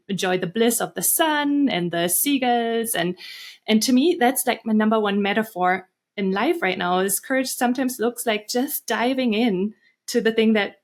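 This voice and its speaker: German lady guest talking earnestly, english not her first language. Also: on the high side. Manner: earnest, storytelling, some restarts. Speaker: guest author. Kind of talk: interview answers.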